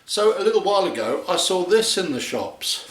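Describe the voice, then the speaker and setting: A man's voice: high-pitched, sing-song, moderate pace. A man hosting a casual review vlog, talking to the camera in a chatty, jokey way. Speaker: beer reviewer, channel host. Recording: echoey room.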